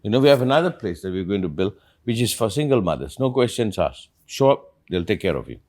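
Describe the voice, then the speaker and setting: A man's voice: fairly low pitch, big pitch swings, quick pace, darkish tone. A man, a spiritual teacher, talking earnestly in a reflective conversation and asking probing questions.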